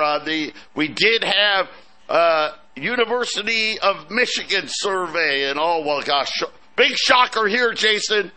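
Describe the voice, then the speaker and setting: A man hosting a markets talk show, animated and sarcastic, full of restarts and asides. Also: sits high, a little slow. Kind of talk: market commentary chat.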